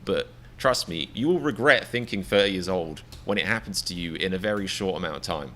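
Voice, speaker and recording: An English man in his thirties talks straight to his live viewers, rambling and poking fun at himself with mock exasperation. His voice sits a little low but has a bright, forceful edge. A faint hiss runs underneath. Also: a little fast. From England. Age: 30s. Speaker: live reaction streamer. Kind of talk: casual live-stream chat.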